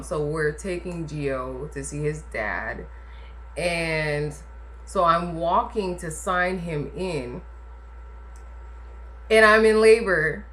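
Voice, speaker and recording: A woman with a fairly low voice tells a personal story in a loose, chatty way. She talks emphatically and keeps tossing in little asides to the listener. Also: fairly bright tone. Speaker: vlogger telling her birth story. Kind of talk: casual storytelling.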